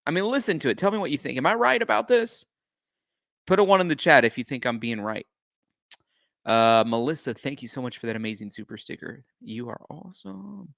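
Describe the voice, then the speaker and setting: A man's voice: mid-range voice, big pitch swings, a little fast, vocal fry, a bit bright. A man hosting a live-stream reaction commentary, incredulous and mocking.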